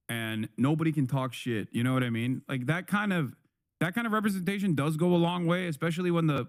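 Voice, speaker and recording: A man's voice: medium pitch, darkish tone, no echo, studio quality. A man streaming live, reacting to a video with heated, profane commentary that often repeats and restarts. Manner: angry, profane ranting.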